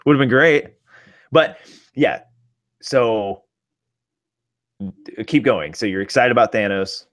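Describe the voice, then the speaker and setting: A man's voice: lowish voice, takes it slowly, long pauses, a bit bright. A man co-hosting a podcast, chatting casually and eagerly about comic-book movies, laughing often. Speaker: podcast co-host. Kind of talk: casual chat.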